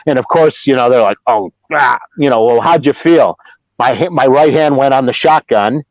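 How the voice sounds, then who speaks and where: A man's voice: medium pitch, moderate pace, dry recording. A middle-aged man from Ohio, telling a story in a casual, rambling way, with restarts and acted-out quotes. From Ohio, USA. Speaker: Bigfoot researcher guest. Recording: dull lo-fi dry remote audio.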